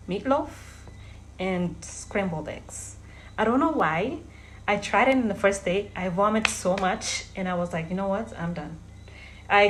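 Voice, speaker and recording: A woman's voice: medium pitch, slight background noise. Chatty woman telling stories to her viewers. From Cape Verde. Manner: chatty, often addresses viewers as guys, laughs while telling stories. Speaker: vlogger. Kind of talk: casual storytelling vlog.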